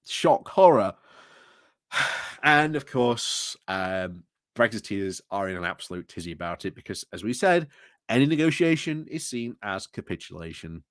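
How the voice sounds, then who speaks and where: A man's voice: fairly low pitch, big pitch swings, moderate pace, no echo, studio quality. A man giving opinionated video commentary in a sarcastic, rambling way, chuckling at his own points. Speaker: political commentator.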